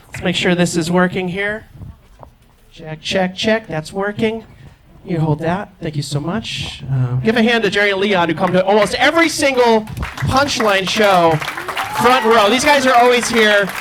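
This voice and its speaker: Young guy doing stand-up, bouncy high voice, loud crowd laughing. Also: background noise. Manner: playful, chatty with the audience. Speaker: stand-up comedian. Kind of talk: musical stand-up with crowd work. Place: comedy club stage. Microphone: handheld stage mic. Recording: live club with audience.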